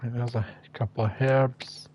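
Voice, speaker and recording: A man's voice: medium pitch, steady tone, normal speed, darkish tone. A man hosting a gaming livestream, chatting casually and self-deprecatingly as he thinks aloud through the game. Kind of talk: casual gameplay commentary.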